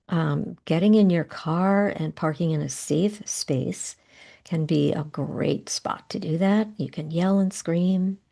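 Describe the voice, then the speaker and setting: Gravelly, mellow-voiced woman coaching tapping. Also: low-pitched. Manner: gentle, unhurried guidance with soft pauses. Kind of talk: guided tapping instruction.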